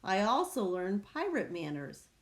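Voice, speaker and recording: A woman reading a children's picture book aloud, with slow, expressive storytelling. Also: mid-range voice. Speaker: reader.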